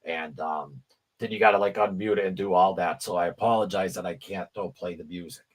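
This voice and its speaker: A man with a low-sitting voice that runs a little fast co-hosts a livestream, chatting casually about music. He rambles, stammers, and swears frequently.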